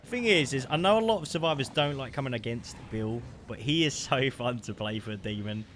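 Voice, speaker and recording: A man giving live commentary over his gameplay, chatty and excitable, calling the listener mate. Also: mid-range voice, fairly quick. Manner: excitable, bursts into loud shouts at big plays. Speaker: gaming streamer. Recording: noisy background.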